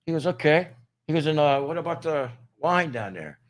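A man's voice: fairly high pitch, expressive, normal speed. A middle-aged man from Ohio telling a band road story in casual chat, easygoing and quoting people in dialogue. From Ohio, near Youngstown.

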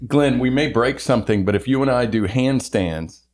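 A man co-hosts a podcast in loose, rambling banter. He jokes constantly and wanders between thoughts, his pitch sitting in the middle. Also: darkish tone. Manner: jokey, rambling, quick to laugh. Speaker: podcast co-host.

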